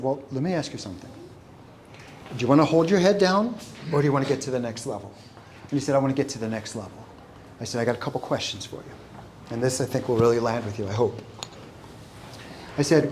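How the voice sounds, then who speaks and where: A man's voice: mid-range voice, darkish tone, a little hiss or hum. A man speaking at a networking event, telling a story to a live audience and acting out the dialogue. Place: event room before an audience.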